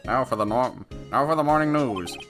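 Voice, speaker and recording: A man's voice: medium pitch, fairly quick, natural voice. A man voicing a formal male TV news anchor, reading from a video game over game music. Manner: flat formal newsreading.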